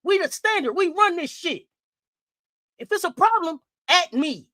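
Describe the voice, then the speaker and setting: A woman hosting a sports livestream, delivering a profane, confrontational rant with repeated challenges and shouted bursts. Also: very high-pitched, expressive, a little slow, dry recording, studio quality.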